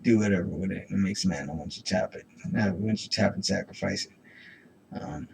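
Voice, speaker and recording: A man with a low, gravelly voice and a husky rasp, chatting casually as he opens trading card packs. His throat is itchy. He reads the card text aloud and keeps wandering off into asides. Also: moderate pace, darkish tone, low-quality recording. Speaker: host. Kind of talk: casual card-opening chat.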